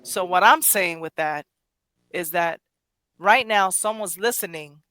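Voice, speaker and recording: A woman's voice: on the low side, unhurried, a bit bright, no echo. A woman hosting a poetry podcast, speaking emotionally in casual chat, rambling with many restarts and self-corrections. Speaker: poetry show host.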